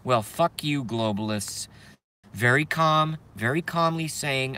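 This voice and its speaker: Bright-voiced man ranting in his car. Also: medium pitch, takes it slowly, smooth. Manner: agitated, swearing ranter. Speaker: live streamer. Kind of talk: ranting live stream. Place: parked car.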